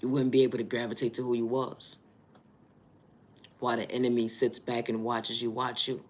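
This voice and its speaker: A man giving a preachy spiritual motivational monologue, repeating stock phrases and building to loud, emphatic bursts. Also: mid-range voice, monotone, normal speed, slight background noise. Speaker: spiritual reader.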